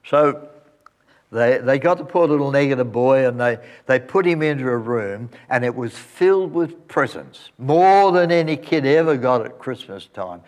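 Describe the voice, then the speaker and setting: A male pastor telling a story at the close of a sermon and leading a quiet prayer. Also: medium pitch. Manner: storytelling, then soft reverent prayer.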